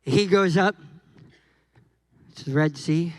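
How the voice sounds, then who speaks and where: A man serving as guest pastor preaches animatedly, cracking jokes and acting out conversations with God and Moses. He speaks at a slow pace in a fairly high-pitched voice, in a low-quality recording lacking room sound.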